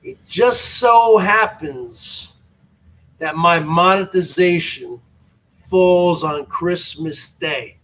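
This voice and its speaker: A man shouting a wrestling-style promo to camera with preacher-like boasting, taunting trolls. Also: high-pitched, extremely slow. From Washington state. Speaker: YouTube channel host.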